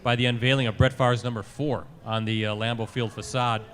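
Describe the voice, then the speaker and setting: A man's voice: mid-range voice, brisk. Upbeat male host at a live show. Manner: energetic, upbeat. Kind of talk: live sports show hosting, trivia. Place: club room at a live show event. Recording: reverberant venue sound.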